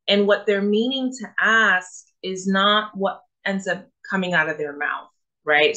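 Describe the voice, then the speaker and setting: A woman's voice: mid-range voice, a bit bright, muffled recording. A woman from Africa hosting a reaction video, commenting thoughtfully and often restarting her sentences. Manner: thoughtful, hesitant, with frequent restarts. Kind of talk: casual commentary.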